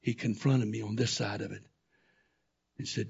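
A man preaching a sermon, telling a personal story that swings from quiet, low talk to loud, shouting intensity. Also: steady tone, normal speed, vocal fry, husky, lo-fi sound.

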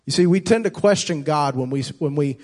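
A man preaching a sermon as pastor, impassioned, repeating and restarting phrases and swinging between loud and soft. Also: fairly high pitch, a little fast.

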